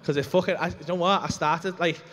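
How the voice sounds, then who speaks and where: High-voiced comic with heavy swearing. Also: male voice, a little fast. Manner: profane, animated storytelling. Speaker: stand-up comedian. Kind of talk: stand-up routine. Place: comedy club stage. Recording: long reverb of a comedy club.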